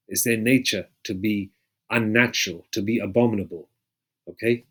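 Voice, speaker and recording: A man preaching in a loose, rambling way, often pausing to check in with his listeners and swearing freely. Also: on the low side, fairly even intonation, slightly rough. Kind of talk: casual street-style preaching with scripture readings.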